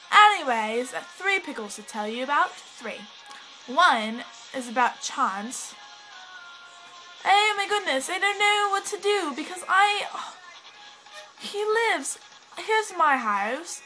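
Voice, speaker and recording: A woman's voice: high voice, pushed and bright, rough recording. A teenage girl chatting in a rambling, sidetracked way to a friend, with a put-on British accent. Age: teens. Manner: rambling, giggly, easily sidetracked. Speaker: vlogger. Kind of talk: rambling casual vlog to a friend. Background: faint pop music.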